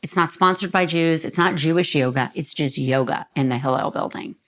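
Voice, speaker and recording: A woman's voice: low voice, brisk. A woman in her fifties, a guest in an emotional living-room interview, speaking earnestly and close to tears. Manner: earnest, voice rises when emotional. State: near tears.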